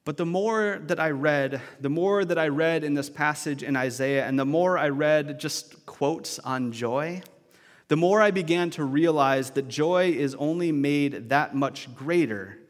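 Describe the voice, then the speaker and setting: A man's voice: fairly high pitch, a little slow. A man preaching a sermon as pastor, talking in a conversational, reflective way with restarts and asides. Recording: long reverb of a large church hall.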